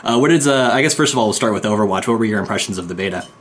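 A man hosting a podcast, talking in a measured, thoughtful way with many ums. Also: on the low side, expressive, a bit bright. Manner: measured, thoughtful, filler-heavy. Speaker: podcast host. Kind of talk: casual podcast chat. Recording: faint background noise.

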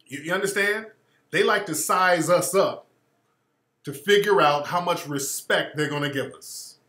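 A male radio host telling stories in a loose, profane monologue, laughing often and animated. His voice sits a bit high for a man. The room gives it a roomy echo. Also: measured pace. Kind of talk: casual monologue.

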